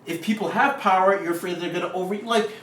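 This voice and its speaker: A man co-hosting a casual film review, talking in a rambling, animated way and acting out little quotes, recorded at a distance in a roomy space. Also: sits high, quick pace. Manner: rambling, animated, acts out lines. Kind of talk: casual chat. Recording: roomy sound from a distant mic.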